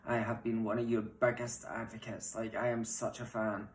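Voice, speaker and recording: A young trans woman from Scotland speaks in a very deep, level voice at normal speed, making an impassioned plea straight to camera. Frustrated, she talks bluntly and swears. She's at home in a room mid-move, and the recording has a roomy echo.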